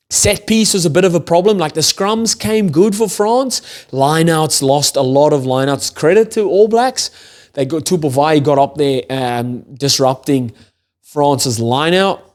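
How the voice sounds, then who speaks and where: A young man hosting his own channel, giving a casual, enthusiastic match review with loose, chatty phrasing and excited exclamations. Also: medium pitch. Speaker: rugby channel host.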